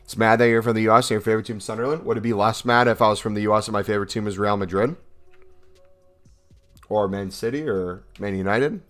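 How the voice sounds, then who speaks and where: A man's voice: fairly low pitch, fairly even intonation, fast, fairly bright tone, soft background music. A young American man casually chatting on a livestream, reading out and answering chat questions with jokes. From United States. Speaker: streamer reading live chat.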